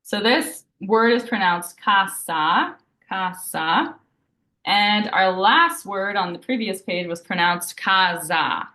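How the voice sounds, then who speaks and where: Roomy-sounding woman teaching slowly. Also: mid-range voice, pushed and bright. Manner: patient, explains step by step, repeats example words slowly. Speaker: Italian teacher. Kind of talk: live online language lesson. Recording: roomy echo.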